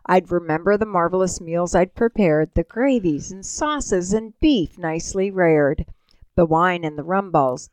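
A woman's voice: medium pitch, dry recording. A woman co-hosting a radio-style show, reading a comic rhyming poem in a sing-song way. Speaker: co-host.

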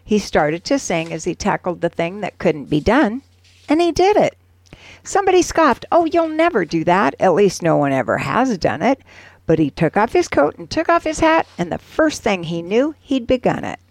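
A woman co-hosting a radio show, her mid-pitched voice rising and falling expressively as she reads. Her delivery has a sing-song lilt. The sound is dry and close. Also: very animated, moderate pace, dry recording. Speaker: radio co-host. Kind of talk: casual radio chat, ad reading and poem recitation.

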